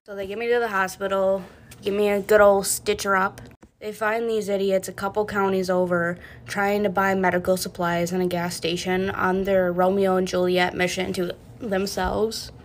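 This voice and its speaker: A woman's voice: medium pitch, level tone, moderate pace, a little hiss or hum. A young woman telling a personal story in a blunt, matter-of-fact way, as a casual storytime to camera.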